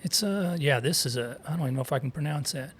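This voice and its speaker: A man leads a relaxed scripture discussion, reading passages aloud and pausing to sound out Hebrew terms. His voice sits somewhat high for a man, and he keeps it conversational with frequent asides. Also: slight background noise. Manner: reads verses aloud, sounds out Hebrew words, explains with asides. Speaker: co-host teaching scripture. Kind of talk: casual Bible study discussion.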